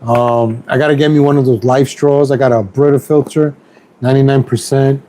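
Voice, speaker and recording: A man's voice: mid-range voice, fairly even intonation, normal speed, warm tone, poor audio. A middle-aged man ranting on a casual home stream, rambling and repeating himself, angry at everything. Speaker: YouTube streamer. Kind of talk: casual political rant stream.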